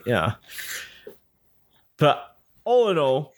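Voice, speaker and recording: A man in casual chat, retelling a series with lively put-on quotes and frequent swearing. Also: a little high, takes it slowly, long pauses. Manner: animated, acts out characters' lines, swears freely.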